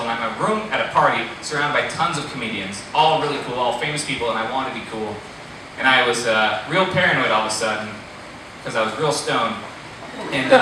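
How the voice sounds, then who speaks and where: A man telling a funny personal story on stage, animated, laughing at himself and swearing freely. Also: medium pitch. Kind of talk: live storytelling. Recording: echoey hall, distant mic, noisy.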